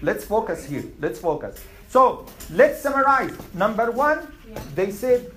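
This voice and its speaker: A man's voice: high-pitched, lively intonation, a little slow, fairly bright tone, echoey room, poor audio. A man teaching a class, asking questions and summarizing points in numbered lists. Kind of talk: classroom Q&A lesson.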